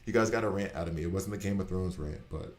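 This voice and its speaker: A man hosting a gaming channel, talking in a blunt, animated rant that swears casually and trails off mid-thought. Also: deep voice, quick pace. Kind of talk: casual ranting chat.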